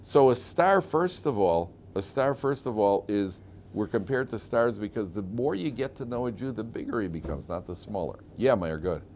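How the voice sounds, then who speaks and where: Sex: man. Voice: low. Style: storytelling rabbi in class. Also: lively intonation, moderate pace, a little mellow, slight background noise. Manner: chatty storyteller, repeats phrases, asks the class questions. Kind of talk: conversational classroom lecture with stories.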